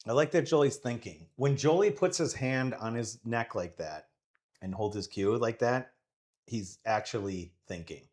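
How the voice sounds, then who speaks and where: A man's voice: mid-range voice, measured pace, darkish tone. Man, pool commentator, casual live commentary, rambling, jokey, thinks aloud.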